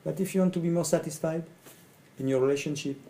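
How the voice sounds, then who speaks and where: A middle-aged man from France with a French accent, a coach speaking in halting English and often repeating his phrases. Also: on the high side, dark tone, low-quality recording. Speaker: coach and facilitator. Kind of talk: speaking to camera about his training.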